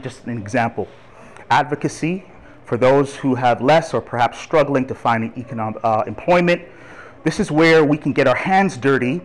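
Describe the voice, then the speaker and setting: A man in his thirties from Toronto gives a lively, chatty church talk on urban ministry and laughs along with the congregation. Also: mid-range voice, poor audio. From Toronto, Canada. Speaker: guest speaker on urban ministry.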